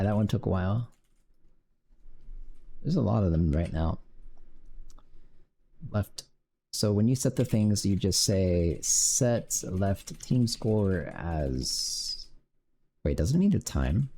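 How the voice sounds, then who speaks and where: A man's voice: fairly low pitch, creaky, dark tone. A man streaming his game development, muttering to himself while coding and cursing when things break. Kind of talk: casual live-coding commentary.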